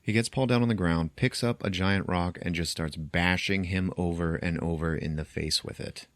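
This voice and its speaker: A man's voice: sits low, fairly even intonation, moderate pace, a bit bright, dry recording. A man hosting a podcast, casually retelling a movie's plot, acting out the characters' lines and laughing often. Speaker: podcast host. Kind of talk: casual film recap.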